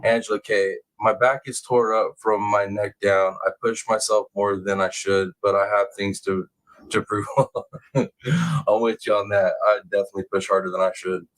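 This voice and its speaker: Excitable man hosting a true crime livestream. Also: normal speed, low-quality recording. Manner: excitable, swears, bursts into high-pitched exclamations. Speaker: livestream host. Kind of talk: casual live chat reading comments.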